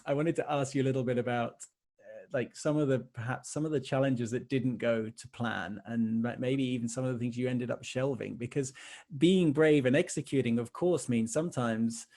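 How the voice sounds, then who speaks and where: A man's voice: mid-range voice, a little mellow. A man hosting a podcast interview, praising his guest with enthusiasm and hesitating while he frames his questions. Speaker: podcast host.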